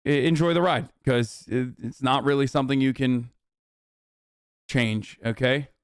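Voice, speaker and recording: A man's voice: mid-range voice, a little slow, clean tone, dry recording, studio quality. A male streamer giving casual, profane, rambling commentary on clips and talking to his chat.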